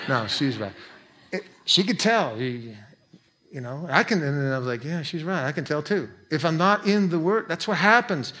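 A pastor preaching a sermon in a conversational way, breaking into quick asides. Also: male voice, fairly high pitch, bright, forceful tone.

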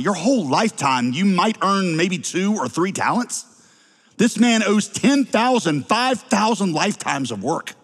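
Casting: middle-aged preacher, fairly high voice, lively storyteller, hall reverb. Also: male voice, slightly rough. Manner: storytelling, acts out characters with big pitch swings. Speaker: pastor. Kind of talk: sermon.

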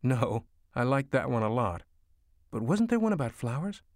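A man voicing a gentle, ill young mother in a storybook reading, soft and soothing. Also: mid-range voice, sing-song, normal speed, no room sound, studio quality, voice pushed up. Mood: coaxing.

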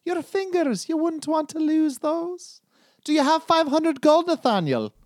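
A smooth, menacing loan shark draws out his threats slowly and silkily in a tabletop game, as a man puts him on. The voice is dry and close, with lively swings in pitch. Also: no echo. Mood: mocking. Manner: slow, silky, threatening.

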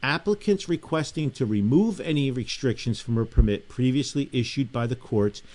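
A man's voice: mid-range voice, lively intonation, normal speed, a little mellow. A man hosting a radio talk show, making emphatic pleas and reading listener emails aloud.

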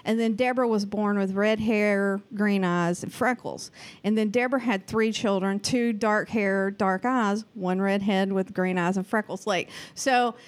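A woman's voice: mid-range voice, steady tone, measured pace. A woman with a Southern US accent, chatting casually on a podcast and telling family stories. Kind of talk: casual chat.

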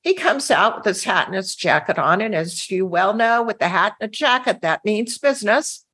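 A woman's voice: medium pitch, normal speed, breathy edge. A woman, a former flight attendant, telling a story in an interview, acting out the lines of the people in it. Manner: lively anecdotal telling, acts out quoted lines.

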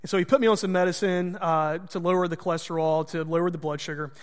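A pastor with a high-pitched voice tells a personal story from the pulpit, chatty and poking fun at himself. His voice rings out with a long reverb, as in a large hall. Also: fairly even intonation, quick pace. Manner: conversational, self-deprecating humor. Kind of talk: storytelling sermon.

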